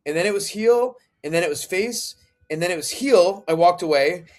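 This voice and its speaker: A young man spins a story for his co-hosts on a casual podcast. His voice sits fairly high and swings up and down as he acts out every turn, and he mimics the people he quotes. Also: expressive, normal speed. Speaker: podcast co-host, Macho Man impersonator.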